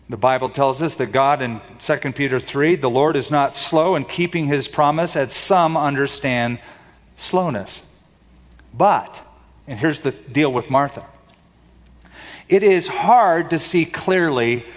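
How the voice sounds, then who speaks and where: A man preaching a sermon in a dramatic style, asking the congregation rhetorical questions. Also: medium pitch. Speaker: pastor. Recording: long hall reverb.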